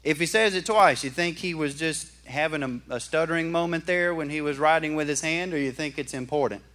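A man preaching a sermon in a folksy, animated way and asking the congregation questions. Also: on the high side, a little fast. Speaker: pastor. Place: church.

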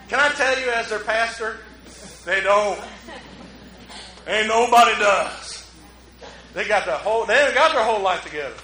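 A man preaching a relaxed, conversational sermon as pastor, joking at his own expense and drawing in the congregation. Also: high-pitched, fairly quick, a little hiss or hum. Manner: joking, self-mocking, talks with the congregation. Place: church. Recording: roomy hall echo.

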